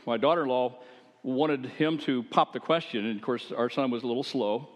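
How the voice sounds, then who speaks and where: An older male pastor preaching in a church, talking to the congregation like he is telling stories over coffee. His voice sits at an ordinary middle pitch, and it carries a long reverb off the walls of a big sanctuary. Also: normal speed. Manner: conversational storytelling with asides. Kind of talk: sermon.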